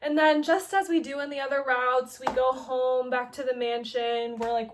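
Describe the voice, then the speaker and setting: A woman recapping a story in a chatty, playful way. She fills her speech with casual filler and quick asides. Her voice sits slightly high, with a faint hiss in the background. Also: flat delivery. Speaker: host.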